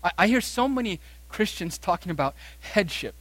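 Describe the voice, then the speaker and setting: A man preaching a sermon as pastor, emphatic, repeating phrases and slowing down to stress quoted verses. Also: sits high, animated, fairly bright tone, rough recording.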